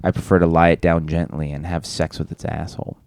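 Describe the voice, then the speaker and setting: A man co-hosting a comedy podcast in casual banter, swearing often and running himself down with halting restarts. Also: deep voice, level tone, darkish tone, no room sound.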